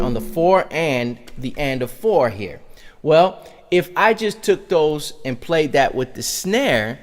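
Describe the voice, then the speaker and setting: Man, conga teacher, unhurried delivery, counting out rhythms, long room reverb, loud percussion. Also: a little high, big pitch swings, loud music behind the voice. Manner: counts beats aloud and vocalizes drum sounds. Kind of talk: music lesson demonstration.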